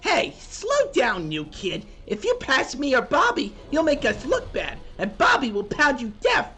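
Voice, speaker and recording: High squeaky scared camper kid, whiny and jittery, voice swinging all over. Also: male voice, wildly swooping pitch, measured pace, pushed and bright, soft background music, heavily acted. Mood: frightened. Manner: whiny, fearful. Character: timid jittery young camper boy.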